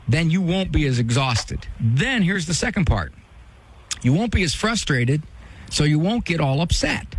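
A man's voice: fairly high pitch, big pitch swings, a little slow, slightly rough. A man hosting a call-in advice show, coaching a caller directly and bluntly. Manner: direct, coaching, acts out quoted voices. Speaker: radio advice show host.

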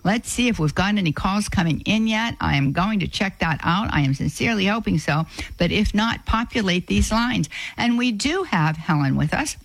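A woman hosting a call-in radio show, effusive and quick to call things beautiful. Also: medium pitch, lively intonation, rough recording.

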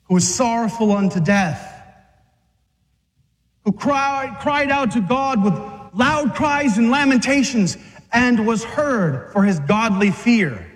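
A man's voice: very high voice, lively intonation, slow pace. A man preaching an urgent, fiery sermon to men, exhorting them and acting out scenes. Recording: long reverb of a large hall.

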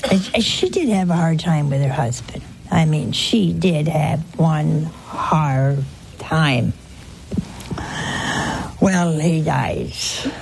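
A woman's voice: low voice, creaky, darkish tone, slight background noise. An older woman preaching a sermon, telling stories and acting out the voices in them, sometimes dropping to a whisper. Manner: storytelling with acted-out quotes and whispers. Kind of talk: sermon on a gospel parable.

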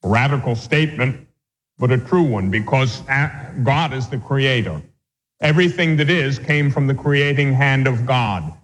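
A man's voice: mid-range voice, animated, normal speed. A male Catholic priest teaching a catechism class, reading definitions aloud and then explaining them with homely examples. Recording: long hall reverb.

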